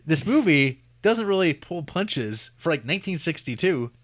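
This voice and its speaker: A man's voice: on the high side, sing-song, moderate pace, dry recording, studio quality. A man co-hosting a podcast, reviewing a film in a rambling, jokey, casual way into a podcast mic. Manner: rambling, jokey, lots of fillers and restarts. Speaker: podcast co-host.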